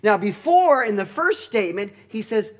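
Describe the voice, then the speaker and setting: A man teaching through a Bible passage in a deliberate, explanatory way, with touches of dry humor. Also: high-pitched, very animated.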